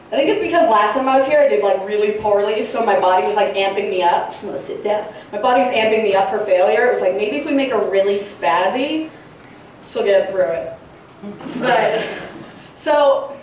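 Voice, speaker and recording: A woman's voice: medium pitch, far from the mic, a little hiss or hum. A young woman doing a stand-up comedy set, rambling and profane, with lots of fillers and giggly asides. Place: comedy club stage, large room. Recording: very echoey room recorded from afar.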